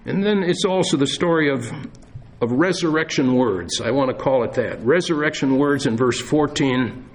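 A pastor preaching a sermon in church, earnest, slowing down and pausing for emphasis. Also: male voice, mid-range voice. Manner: earnest preaching with dramatic pauses and slowed emphasis.

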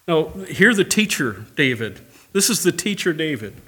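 Man, pastor, husky voice, emphatic sermon. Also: fairly high pitch, big pitch swings, normal speed, fairly bright tone. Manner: emphatic preaching with repeated phrases and calls of amen.

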